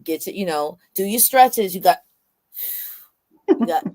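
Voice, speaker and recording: A woman's voice: medium pitch, measured pace. A woman hosting an online talk show, chatting casually and telling stories playfully. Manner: lively, playful storytelling. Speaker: host. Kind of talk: casual chat.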